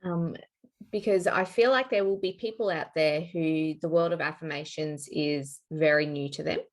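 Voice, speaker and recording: Woman interview host, lowish voice, thoughtful and agreeable. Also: moderate pace. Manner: affirming, thoughtful, frequent agreeing. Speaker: podcast host. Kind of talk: interview conversation.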